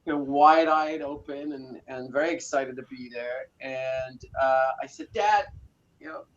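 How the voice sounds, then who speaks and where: A man's voice: mid-range voice, flat delivery, a little slow. A man in his forties from South Africa, telling his story as an interview guest with many fillers and restarts. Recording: slightly muffled audio.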